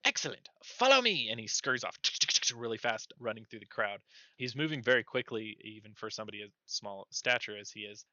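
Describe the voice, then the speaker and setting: A man narrating as game master in a relaxed, chatty way. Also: lowish voice, brisk, no echo, highs cut off.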